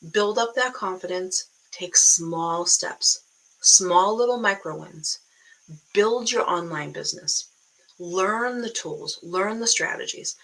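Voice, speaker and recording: Bright, blunt Boston woman coaching. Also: fairly low pitch, low-quality recording. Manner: blunt, animated, keeps asking "right?". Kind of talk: casual motivational talk to camera.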